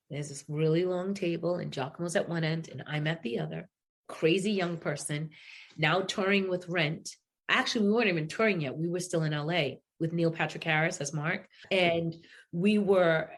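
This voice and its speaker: A middle-aged woman from New England, a singer telling stories in a casual interview. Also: fairly low pitch. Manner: animated storyteller, acts out quotes. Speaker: singer and guest.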